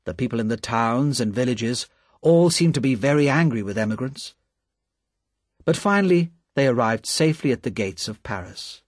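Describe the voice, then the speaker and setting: A man narrating a story in a calm, measured reading voice with a husky tone. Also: mid-range voice, dry recording, clean studio sound.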